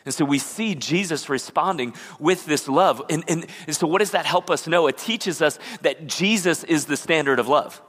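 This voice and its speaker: Male pastor, bright high voice, animated sermon delivery, reverberant church hall. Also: normal speed, few pauses. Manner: animated preacher who acts out the people he describes. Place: church sanctuary.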